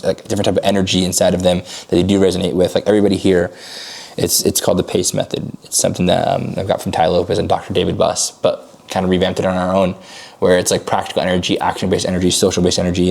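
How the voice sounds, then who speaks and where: A man coaching on a sales call, his voice low and gravelly. He talks fast and loose, with "like" in every sentence, and jumps into lively bursts when he acts out a cold call. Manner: fast casual talk full of "like" fillers; acts out calls with sudden bursts of high energy.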